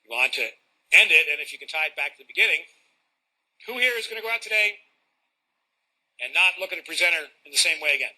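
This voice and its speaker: Male speaker, slightly high and very bright voice, lively teaching style with rhetorical questions to the room. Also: quick pace, long pauses, rough recording. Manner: animated, demonstrative, rhetorical questions. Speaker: presentation coach. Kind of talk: live talk to an audience.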